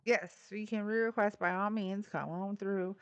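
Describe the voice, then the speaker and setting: Brisk, slightly impatient woman host; lo-fi live-stream sound. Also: medium pitch, steady tone, clear, resonant tone, no echo.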